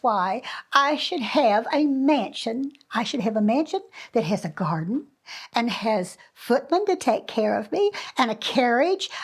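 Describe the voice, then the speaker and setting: A woman voicing a whiny, greedy little old woman who wails and laments in a high, quavering voice. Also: slightly rough, exaggerated voice.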